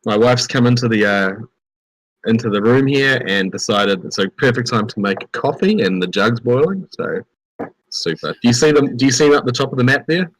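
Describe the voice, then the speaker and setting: A man's voice: mid-range voice, animated, fairly quick, dry recording, poor audio. A man at home running a tabletop game online as game master, chatty and full of fillers. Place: home room.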